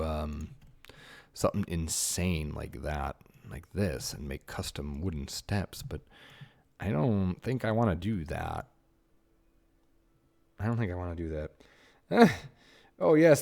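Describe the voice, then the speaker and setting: A man's voice: sits low, gravelly, darkish tone. A man streaming a building game, chatting casually with viewers and muttering to himself in a self-mocking way. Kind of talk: casual livestream chat while building.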